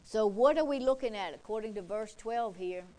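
A woman's voice: medium pitch, normal speed, warm tone, poor audio. Woman preacher, emphatic sermon delivery, repeats for emphasis, quotes scripture.

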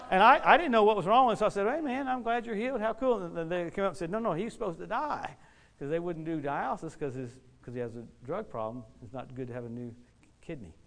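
Fast-talking, animated male preacher. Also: on the high side. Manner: animated, quick storytelling with acted-out quotes and laughs. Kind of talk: storytelling sermon.

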